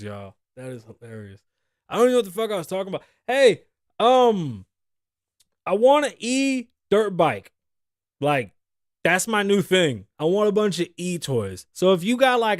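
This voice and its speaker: A man's voice: a little high, dry recording, studio quality. A man in his thirties hosting a casual solo podcast, ranting and joking with a lot of profanity and frequent laughter. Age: 30s. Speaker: podcast host. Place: studio.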